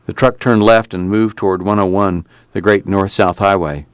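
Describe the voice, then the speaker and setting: A man narrating an audiobook in a plain, steady reading. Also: sits low, normal speed, clear, resonant tone, no room sound.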